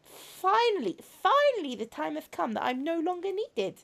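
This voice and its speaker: A tender robot girl, read aloud by a woman in a visual novel, soft and earnest with a sad, wistful edge. The voice sits high and moves freely up and down. Her lines come gently, as if holding back tears. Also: big pitch swings, moderate pace, creaky, exaggerated voice. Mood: sorrowful. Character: young female robot girl, gentle and sorrowful.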